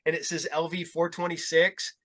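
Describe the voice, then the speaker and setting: Bright high-voiced man telling stories. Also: moderate pace. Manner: rambling, animated, laughs through his stories. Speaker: podcast host. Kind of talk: casual storytelling chat.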